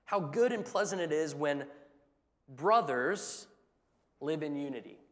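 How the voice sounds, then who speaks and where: A man's voice: fairly high pitch, expressive, measured pace, a bit bright, in a large hall. A pastor delivering a Sunday sermon in a conversational style, often checking in with his listeners through rhetorical questions. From United States.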